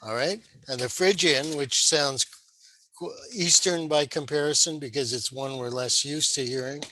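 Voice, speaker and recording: A man's voice: fairly high pitch, normal speed, pushed and bright, rough recording. A man teaching guitar modes in a screen-shared lesson, patient and explanatory, asking the viewer rhetorical questions.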